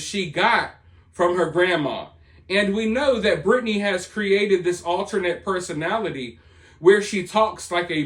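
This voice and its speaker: A man's voice: sits high, a bit bright. A man hosting a commentary channel, delivering a sarcastic, dismissive and rambling opinion monologue.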